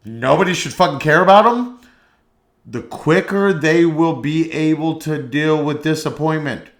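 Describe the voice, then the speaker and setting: A man in a comedic podcast rant, blunt and heavily profane, dragging his words out slowly. His voice sits fairly high for a man and bounces through hesitant ums. The room around him is echoey. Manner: profane, blunt, mock-advice; drawn-out hesitant fillers. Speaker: podcast host. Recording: roomy echo.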